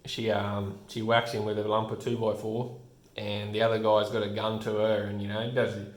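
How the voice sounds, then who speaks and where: A man casually walking through a comic book page by page, rambling and restarting his sentences, often chuckling. His voice sits on the low side. The recording carries a noticeable roomy echo. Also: monotone, moderate pace.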